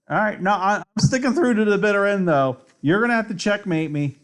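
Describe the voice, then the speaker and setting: A high-voiced man streams chess while tipsy, talking briskly with hardly any pauses. He rambles, trash-talks, swears a lot, and mocks himself throughout his casual live-stream commentary.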